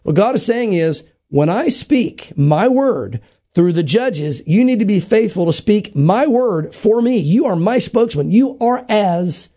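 A man, a pastor, teaching the Bible in a podcast conversation, acting out scripture dialogue in quick quoted voices and often restarting his sentences. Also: high voice, animated, mellow. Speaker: pastor, show regular.

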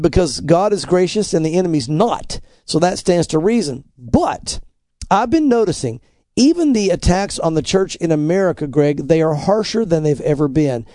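A man's voice: on the high side, dark tone, no echo, studio quality. A middle-aged man, a pastor, giving emphatic, earnest commentary on news articles in a preaching style. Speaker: pastor, co-host.

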